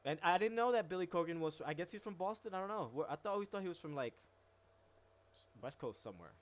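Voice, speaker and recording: A man's voice: high voice, animated, fast talker. A man co-hosting a live stream, chatting casually and rambling with lots of swearing and filler words. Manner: rambling, profane, frequent "yo" and "like". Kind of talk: casual chat.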